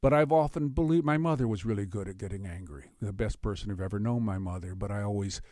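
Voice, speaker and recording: A man being interviewed as a storyteller, talking in a halting way with many restarts, lively when he tells a tale. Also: fairly low pitch, no room sound, clean studio sound. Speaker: storyteller guest. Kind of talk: interview with told stories.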